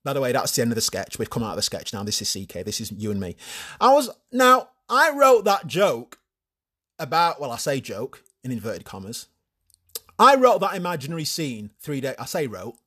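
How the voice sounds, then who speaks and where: A man talking alone on his podcast at a medium pitch. He chats casually and bluntly, swearing freely and poking fun at himself. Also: huge pitch swings, moderate pace, sharp tone. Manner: casual, crude, swears freely, self-mocking. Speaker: podcast host. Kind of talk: solo podcast chat.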